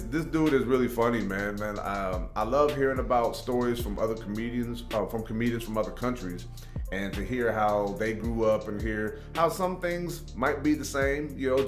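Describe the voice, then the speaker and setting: A man's voice: mid-range voice, a little fast, reverberant, faint music behind. A man hosting a reaction video, chatting casually and rambling, with "man" and "you know" in every other sentence. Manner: laid-back, rambling, says "man" and "you know" often.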